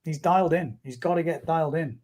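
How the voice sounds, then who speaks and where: A man's voice: fairly high pitch, brisk, darkish tone. A man co-hosting a live podcast, explaining points at length and trading teasing banter with his co-host. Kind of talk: casual live-stream chat.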